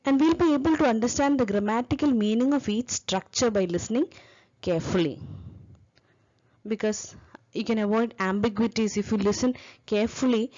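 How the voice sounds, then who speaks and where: A woman's voice: on the high side, moderate pace, warm tone, highs cut off. A woman giving a lecture on teaching English, explaining step by step and spelling out example words.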